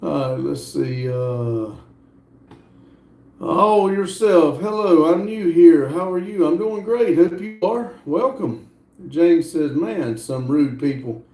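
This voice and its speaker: Guy reading his stream chat out loud, slow n halting, dark mellow voice, roomy echo. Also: a little high, animated. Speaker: livestream host reading chat aloud. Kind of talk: casual livestream chat.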